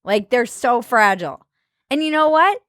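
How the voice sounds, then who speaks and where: A woman hosting a casual chat, sarcastic and animated and laughing often. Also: fairly high pitch, normal speed, dry recording, clean studio sound. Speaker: host.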